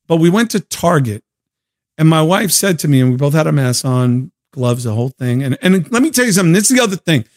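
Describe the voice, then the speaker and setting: Hoarse man, casual host, animated slangy storytelling, fairly high voice. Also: fast. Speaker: show host. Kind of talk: casual livestream chat.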